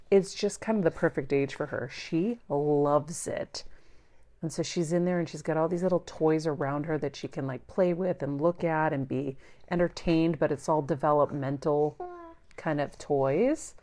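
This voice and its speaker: A woman's voice: low voice, fairly even intonation, unhurried, mellow. A woman in her thirties co-hosting a podcast, chatting casually and rambling with lots of fillers. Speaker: podcast co-host. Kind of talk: casual chat.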